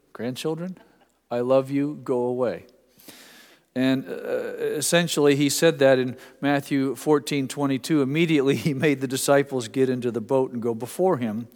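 In a large hall, a man preaches a sermon as pastor in a conversational way, with restarts and repeated words. His voice is mid-range and a little mellow.

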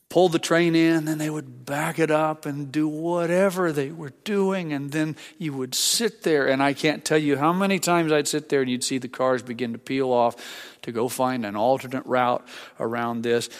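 An older man preaching a sermon as a pastor, conversational and halting, with frequent restarts. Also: mid-range voice. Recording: long hall reverb.

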